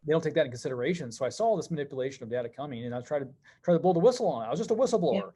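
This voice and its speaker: A middle-aged man telling stories as a podcast guest, animated and quick, with many fillers. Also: on the high side, slightly rough. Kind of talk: conversational podcast interview.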